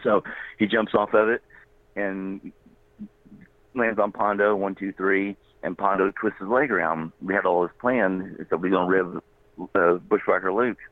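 A man's voice: deep voice, fairly even intonation, no echo. A man telling a long story as a guest, rambling and often laughing. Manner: rambling, laughing, quick quoted voices. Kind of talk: casual storytelling. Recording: tinny phone line.

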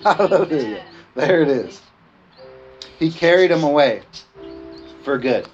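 Pastor preaching over background music. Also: male voice, a little high, animated. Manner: reads scripture aloud and has the congregation repeat lines; emphatic, slows down on key phrases. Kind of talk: sermon during communion. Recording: dull lo-fi sound with music behind. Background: music playing.

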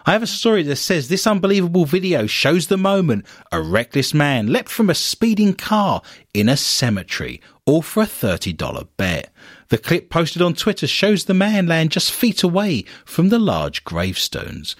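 A man reads quirky news stories aloud on a podcast and peppers them with dry jokes. His pitch leaps around in a lively way, a little above the usual for a man. The sound is close and dry, with no room around it. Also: moderate pace, no room sound. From Britain. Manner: wry, teasing, reads stories aloud with quips. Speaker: podcast co-host. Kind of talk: jokey news-reading podcast banter.

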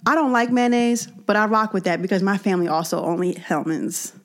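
A young woman co-hosting a casual studio talk show, playful and animated, laughing often. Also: medium pitch, a little fast. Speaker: podcast co-host. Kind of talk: casual chat.

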